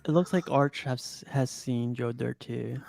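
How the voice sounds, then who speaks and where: A man hosting a laid-back podcast stream, reading out comments and chatting about a film. His mid-pitched voice has a gravelly edge, and the sound is dry and close with no room echo. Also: measured pace, darkish tone. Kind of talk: casual movie chat.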